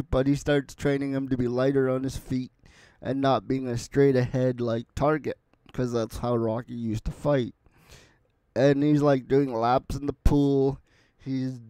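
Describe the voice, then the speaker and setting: A man's voice: medium pitch, warm tone, clean tone, no echo. A man casually reviewing a movie, retelling scenes and quoting the characters in his own voice.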